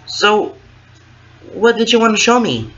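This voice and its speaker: A man voicing an upset young woman heroine in a read-aloud fan story, in a high, plaintive voice. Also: very animated, measured pace, fairly bright tone, highs cut off, exaggerated voice.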